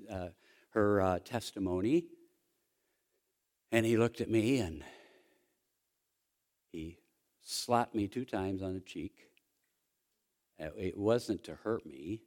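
A man preaching a sermon, telling a story quietly and then rising into loud, excited preaching. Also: sits low. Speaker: pastor.

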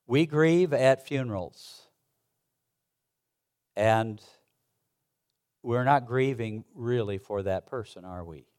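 A man, a pastor, preaching a sermon in a halting, conversational way with many restarts, reading old-fashioned scripture aloud. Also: mid-range voice, darkish tone.

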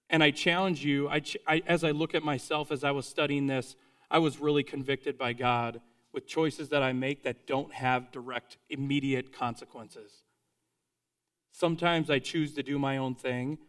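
A man preaching a sermon in an earnest, conversational way, sometimes restarting his sentences. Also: medium pitch.

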